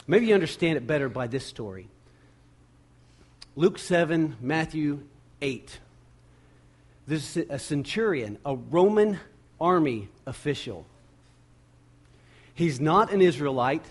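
A male pastor preaching a sermon, retelling a scripture story with dramatic pauses and repeated words. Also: fairly high pitch, animated, slightly rough.

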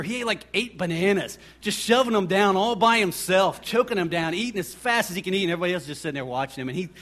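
A man's voice: high-pitched, fast, few pauses. A middle-aged man preaching a sermon, telling personal stories and acting out what people said. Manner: storytelling, animated, acts out quoted voices. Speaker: pastor.

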